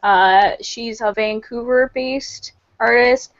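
A woman's voice: on the high side, takes it slowly. A woman hosting a casual book club over a video call from a room at home, chatty and full of fillers. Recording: muffled video-call audio.

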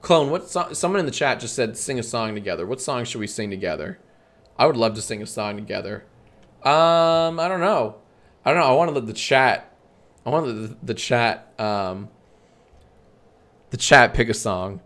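A man streaming a comedy bit, bantering with himself in a deadpan, sarcastic way and swearing often. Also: medium pitch, normal speed.

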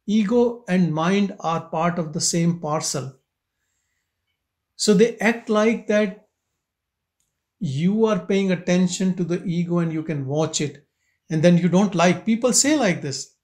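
A man gives a slow, reflective spiritual talk to a gathering. His voice sits on the high side, and he speaks very unhurriedly, pausing between questions. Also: darkish tone. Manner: slow, questioning, with long pauses. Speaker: spiritual teacher leading satsang. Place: meditation centre hall.

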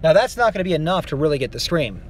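A man giving a casual singing lesson, explaining vocal technique in a relaxed, rambling way with many fillers. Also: a little high, very fast, very noisy. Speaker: vocal coach.

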